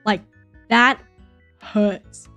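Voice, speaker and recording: A woman's voice: mid-range voice, extremely slow, pushed and bright, no echo. A young woman streamer chatting casually as she reacts to stories, laughing often and swearing freely. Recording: dry close mic with faint music behind.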